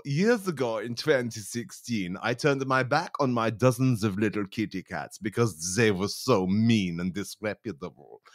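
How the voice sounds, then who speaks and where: Childish male pundit, babyish rambling, lively swooping pitch, dry close sound, put on by a man. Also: no room sound. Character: silly childlike male news pundit, excitable.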